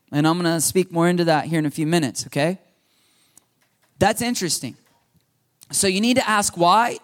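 Casual, conversational male preacher. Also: sits high. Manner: conversational, repetitive, laughing asides. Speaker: pastor. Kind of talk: sermon.

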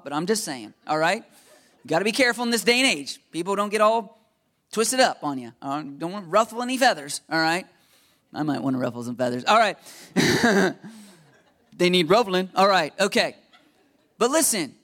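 A man from the United States preaching a sermon in an animated, joking way, often checking in with his listeners. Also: sits high. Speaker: pastor.

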